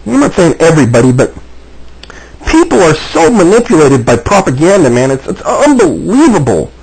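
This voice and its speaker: A man's voice: fairly high pitch, sing-song, normal speed, creaky, darkish tone, breathy edge, low-quality recording. A man talking agitatedly to camera, repeating himself and restarting often. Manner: agitated, repetitive, frequent restarts. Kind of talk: agitated personal video monologue.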